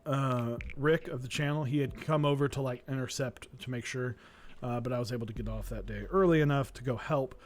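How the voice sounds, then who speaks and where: A man's voice: mid-range voice, fairly quick. Chatty male streamer, rambling storyteller. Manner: rambling, chatty storytelling with restarts, greets chat viewers. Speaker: keyboard-building streamer. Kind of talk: casual live-stream chat.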